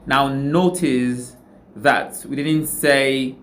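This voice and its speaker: A man's voice: medium pitch, slow pace. A man teaching a pronunciation lesson, saying each word with care and repeating every example twice. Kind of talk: slow, deliberate pronunciation lesson.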